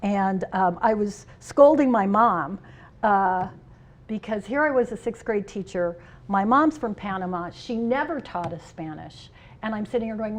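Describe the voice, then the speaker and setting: A middle-aged woman, a union president, giving a conference speech. She tells humorous personal stories with shifts between loud and soft. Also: mid-range voice, animated, measured pace. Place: conference hall.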